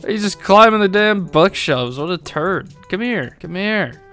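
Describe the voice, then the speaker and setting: A young man giving excitable let's-play gaming commentary, swearing often and laughing a lot. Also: high voice, measured pace, faint music behind. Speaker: gaming YouTuber.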